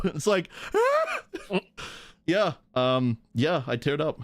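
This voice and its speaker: A man's voice: medium pitch, sing-song, slow pace, no room sound, clean studio sound. A man streaming live, chatting casually and playfully, giggling and goofing around with silly pronunciations. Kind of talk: casual livestream chat.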